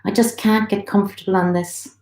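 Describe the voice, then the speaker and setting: A woman's voice: medium pitch, steady tone, brisk, darkish tone, lightly acted. A woman reading as Marilyn, weary pregnant woman. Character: heavily pregnant young woman, weary, sweet-toothed. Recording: roomy echo.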